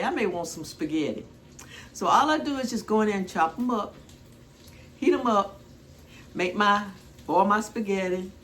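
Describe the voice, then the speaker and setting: A little hiss or hum sits under an older woman's medium-pitched, slightly bright voice. She's a cooking vlogger rambling casually and homespun in her kitchen, full of chatty asides.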